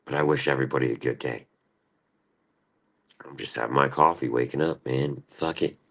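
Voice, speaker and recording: A young man with a very low, deep voice rambles through a morning stream monologue. He swears freely and keeps referring to himself in the third person. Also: normal speed, fairly bright tone. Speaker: live streamer.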